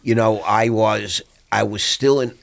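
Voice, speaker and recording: A man hosting an interview, telling a personal story in a lively, animated way. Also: lowish voice, a little slow, creaky. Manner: animated storyteller, acts out quoted voices. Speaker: podcast host.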